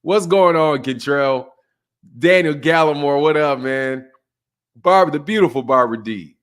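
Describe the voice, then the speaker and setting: Male livestream host, fairly high voice, loose profane banter, laughs often. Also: moderate pace, clean tone. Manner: loose, laughing banter, shouting out chat names; slangy, profane, mocking. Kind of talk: casual livestream chat.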